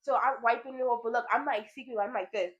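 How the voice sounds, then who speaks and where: A young woman telling a personal story in a casual chat with her sister at home, animated and laughing often. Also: a little high, fast, dull audio. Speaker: vlogger, big sister. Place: home, pajama night.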